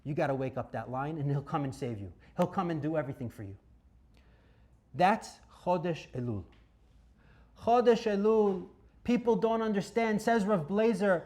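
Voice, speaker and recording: Rabbi, high voice that leaps around, dramatic lecturer quizzing the room. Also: male voice, expressive, moderate pace. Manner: dramatic, swings between loud bursts and hushed asides, asks the audience questions. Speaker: rabbi teaching a Torah class. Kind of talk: animated Torah lecture.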